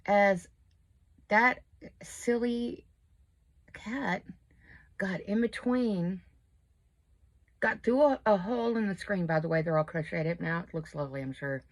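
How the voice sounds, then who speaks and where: This crochet and makeup vlogger, a woman in her fifties, does her makeup at home while rambling chattily and putting herself down with humor. Her mid-range voice moves at a measured pace and pauses often.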